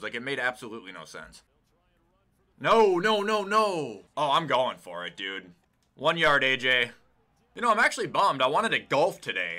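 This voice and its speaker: Excitable young man with a bright voice. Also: mid-range voice. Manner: excitable, swears and yells at the game. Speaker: gaming YouTuber. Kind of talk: casual gameplay commentary.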